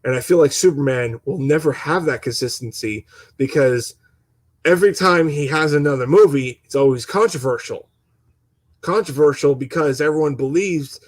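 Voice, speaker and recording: A man's voice: on the high side, low-quality recording. A young man in a casual, passionate opinion rant as a gaming channel host, rambling with stuttering restarts and swearing.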